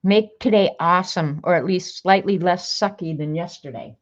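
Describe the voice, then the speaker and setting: A woman with a low-ish voice reads sassy one-liners aloud in a chatty home video, laughing a little between them. The sound is dull and lo-fi, as if from a camera or phone mic. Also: normal speed. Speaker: crafter sharing sayings on video. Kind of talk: casual reading of sassy sayings to camera.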